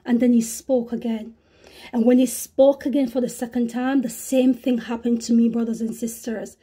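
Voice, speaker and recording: Dark-voiced woman preaching a testimony. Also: on the high side, fairly even intonation, normal speed, breathy edge. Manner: earnest, repetitive, addresses "brothers and sisters". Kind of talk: testimony sermon.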